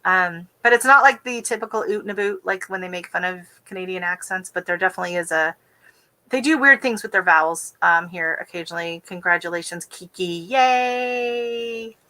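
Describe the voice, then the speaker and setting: A woman from the West Coast of the United States hosting a casual gardening livestream, talking quickly and chattily with easy giggles. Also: on the low side, sharp tone, poor audio. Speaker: gardening channel host.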